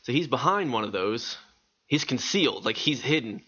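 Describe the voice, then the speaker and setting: Bright, laughing man telling a podcast story. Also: medium pitch, moderate pace, slightly rough. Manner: animated anecdote-teller, laughs often, swears casually. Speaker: podcast co-host. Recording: dull lo-fi sound.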